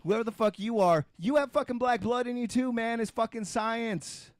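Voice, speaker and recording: A man's voice: extremely high pitch, moderate pace, no room sound. A middle-aged man hosting a podcast, ranting in a heavily profane, emphatic way, repeating himself and firing off rhetorical questions. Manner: repetitive, restarts and rhetorical questions. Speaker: podcast host. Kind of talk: casual podcast rant.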